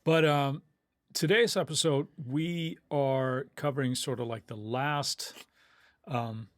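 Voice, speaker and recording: A man's voice: medium pitch, fairly even intonation, slow, no room sound. Laid-back joking male co-host. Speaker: podcast co-host. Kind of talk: casual chat.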